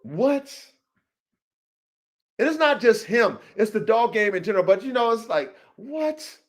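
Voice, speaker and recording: A man hosting a show about his dogs, ranting profanely to viewers, swinging from low mutters to heated shouting, with repeats and restarts. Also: big pitch swings, moderate pace. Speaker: podcast host and dog breeder. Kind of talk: rant to viewers.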